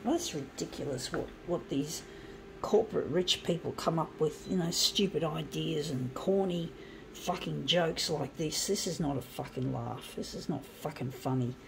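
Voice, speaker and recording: Casting: woman, indignant crafter, gravelly edge, swears freely, faint background noise. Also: sits low, normal speed. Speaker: craft vlogger. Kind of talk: ranting while crafting.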